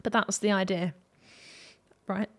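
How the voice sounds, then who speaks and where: A woman's voice: mid-range voice, steady tone, a little slow. A woman, a vocal coach, analysing a song in a reaction video and demonstrating the sounds with her own voice.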